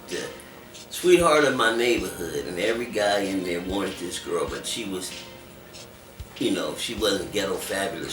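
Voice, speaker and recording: A man recounts his past in an animated interview, his pitch swinging widely as he acts out the other people in his stories. He is caught from a distance in an echoey room, with loud music playing behind him. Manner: animated, acts out voices in quotes. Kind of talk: candid storytelling interview.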